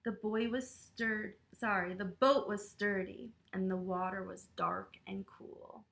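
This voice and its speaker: A woman reading a picture book aloud to children and leading yoga poses, speaking to them in an animated, playful way. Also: mid-range voice, slow, vocal fry. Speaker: children's storyteller and yoga teacher.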